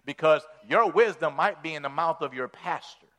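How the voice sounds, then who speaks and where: A male pastor delivers a folksy, animated sermon, often repeating words as he builds momentum. His voice sits somewhat high for a man and rises in force at each climax. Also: moderate pace.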